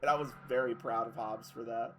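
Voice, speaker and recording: A man's voice: mid-range voice, steady tone, a little fast, background noise. A man streaming a game in casual chat, rambling through stories, swearing and laughing as he goes.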